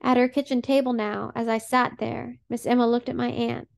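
A woman reads an audiobook in a measured, plain way. Her voice is slightly high with a gravelly texture. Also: flat delivery. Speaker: audiobook narrator. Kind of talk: audiobook narration.

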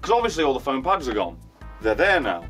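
A man chatting and joking loudly while moving heavy furniture, swearing and exclaiming often, a little out of breath. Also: mid-range voice, sing-song, quick pace, breathy edge, faint music behind. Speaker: vlogger. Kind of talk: casual chat while doing heavy lifting.

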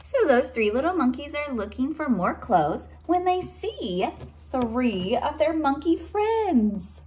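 Slow, lively-voiced woman reading to children. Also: high-pitched, a little hiss or hum. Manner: expressive, explains words to young children. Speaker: teacher reading aloud. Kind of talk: children's read-aloud with explanations.

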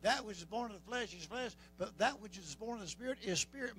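A man with a Southern US accent preaching a sermon as pastor, folksy, rising to shouts. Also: sits high, expressive, fast talker, few pauses, a little hiss or hum, poor audio.

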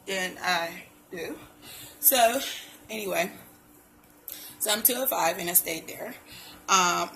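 A woman's voice: medium pitch, vocal fry, a bit bright, a little hiss or hum, poor audio. A young woman talking casually to her viewers in a pregnancy vlog, loose and chatty, calling them y'all. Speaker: pregnancy vlogger. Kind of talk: casual chat to camera.

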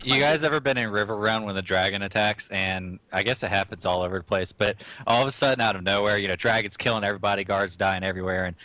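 A man's voice: lowish voice, fast talker, few pauses, pushed and bright, dry recording. A man co-hosting a gaming podcast, enthusiastic and laughing as he tells stories. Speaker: podcast co-host. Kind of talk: casual gaming chat.

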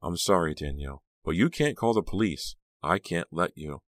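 Man voicing a menacing middle-aged woman, soft and insistent, low voice. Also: normal speed, no room sound, clean studio sound. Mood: coldly calm. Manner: soft, steady, coldly insistent.

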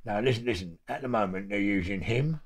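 A man's voice: on the low side, a little fast, breathy edge. Swearing London man telling tales. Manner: swears heavily, laughs often mid-story. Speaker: guest. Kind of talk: casual storytelling.

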